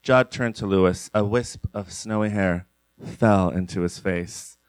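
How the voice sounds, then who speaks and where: A man narrating a comic parody story in a deadpan way. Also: fairly low pitch, a little slow, clean tone, no echo. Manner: deadpan, breaks into laughter.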